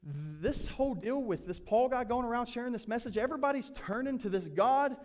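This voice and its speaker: A preacher putting on a riled-up ancient silversmith. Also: male voice, high voice, a little fast, pitched above the performer's own voice, close to an everyday voice. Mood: agitated. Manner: casual modern phrasing, pleading and agitated. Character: riled-up ancient silversmith man rousing a crowd.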